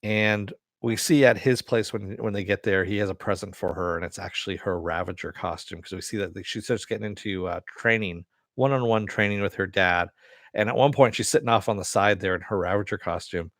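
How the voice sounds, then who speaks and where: A man's voice: on the low side, brisk, fairly bright tone, no room sound, clean studio sound. A man casually retelling a TV episode in a rambling way, full of fillers. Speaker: TV show reviewer.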